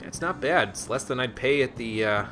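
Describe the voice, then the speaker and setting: A man's voice: medium pitch, expressive, normal speed. A man casually commentating as he plays a game, joking sarcastically at the characters. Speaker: streamer playing a game. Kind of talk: casual let's-play commentary. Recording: voice over game music.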